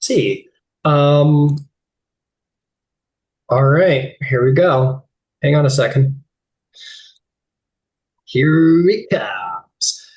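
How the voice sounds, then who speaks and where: Casting: lively, rambling male game master narrating a tabletop scene. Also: fairly high pitch, very slow, pauses often. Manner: rambling, self-correcting.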